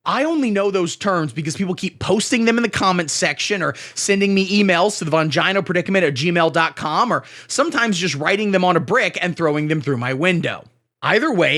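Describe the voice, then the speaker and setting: A man hosting a scripted satirical monologue, sarcastic and deadpan, breaking into profane rants. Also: sits high. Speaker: satirical commentary host.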